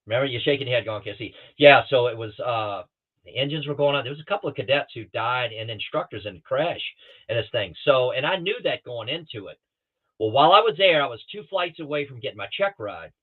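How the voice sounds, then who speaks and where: A man's voice: mid-range voice, expressive, fairly quick. A middle-aged man, a guest pilot, tells stories casually and acts out other people's lines, heard over a video call. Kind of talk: casual storytelling. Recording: tinny phone-like call audio.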